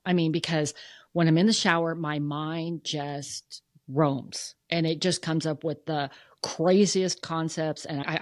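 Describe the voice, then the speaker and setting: Low-voiced middle-aged woman telling a personal story. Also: dry recording, studio quality. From United States. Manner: emotional, animated, acts out quoted dialogue. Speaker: podcast guest, funeral museum president. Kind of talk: candid conversational storytelling.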